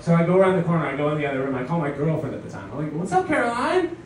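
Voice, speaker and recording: A young man doing a stand-up comedy set at a house party, animated and slipping into mock voices of his mom and friends. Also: a little high, rapid-fire, slight background noise. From New York. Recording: echoey room, from a distance.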